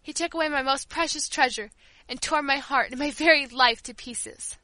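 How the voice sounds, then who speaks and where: Devoted elderly servant woman in a storybook, tender and earnest, high bright voice, read by a woman. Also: moderate pace, dry recording, poor audio. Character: kindly old female family servant, devoted.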